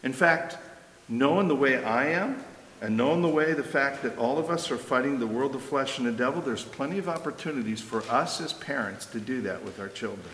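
A middle-aged man preaches a sermon in a casual, talky way, tossing "right?" to his listeners. His voice sits at an ordinary pitch for a man. It rings out with a long reverb, as if heard in a large, echoey hall. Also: lively intonation, brisk, fairly bright tone, slight background noise. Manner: conversational preaching, frequent "right?" asides. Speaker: pastor.

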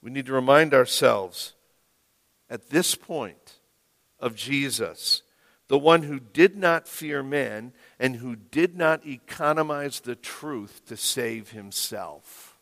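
Slow-preaching pastor man in a reverberant church. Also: medium pitch, expressive. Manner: slow, emphatic preaching with rising, loud stresses. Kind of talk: sermon. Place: church sanctuary. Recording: long reverb of a church hall.

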